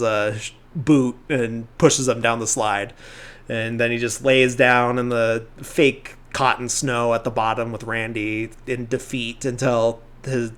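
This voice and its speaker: A man at an everyday middle pitch talks through a film's story in loose, rambling podcast chat. He leans heavily on fillers and restarts, and now and then slips into quick impressions of the characters' lines. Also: flat delivery, fairly bright tone, clear, resonant tone. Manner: rambling, filler-heavy retelling with lots of "like"; briefly acts out characters' lines in the retelling. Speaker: podcast host. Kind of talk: casual movie recap.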